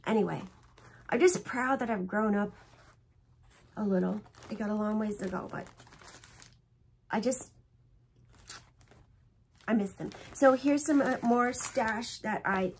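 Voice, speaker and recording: There's slight background noise as a woman of medium pitch hosts her stitching vlog. She shows her projects at home, her talk chatty, rambling and emotional, a casual show-and-tell.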